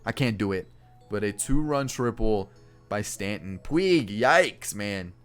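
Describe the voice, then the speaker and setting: A young man, a gaming YouTuber, giving excitable play-by-play commentary on a baseball video game and exclaiming over big plays. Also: fairly low pitch, slow pace, clean tone. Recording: faint background music.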